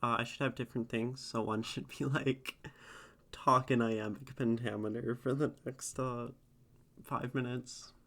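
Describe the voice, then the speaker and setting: A man's voice: medium pitch, fairly even intonation, unhurried, a bit bright. An American man streaming casually, thinking aloud in a hesitant way with many fillers. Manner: musing, hesitant, lots of fillers.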